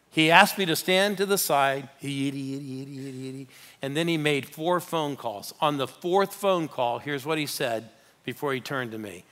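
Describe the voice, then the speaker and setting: Animated preacher man, bright voice. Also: a little high. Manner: animated, urging the congregation to respond. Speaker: guest pastor. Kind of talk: preaching a sermon with a story. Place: church sanctuary.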